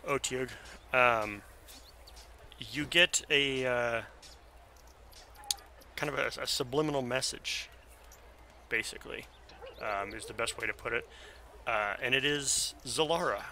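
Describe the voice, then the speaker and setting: A man narrating as game master for a tabletop game, halting with many ums and self-corrections. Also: mid-range voice, pushed and bright, slight background noise.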